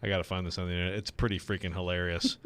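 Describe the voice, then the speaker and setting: A man talking sports on the radio in a loose, rambling way, full of fillers and asides. His voice is smooth and resonant, close to the mic in a dry studio with no room sound. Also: low-pitched, level tone, racing, fairly bright tone, dry recording. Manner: rambling, self-deprecating, lots of fillers. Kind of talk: casual sports radio banter.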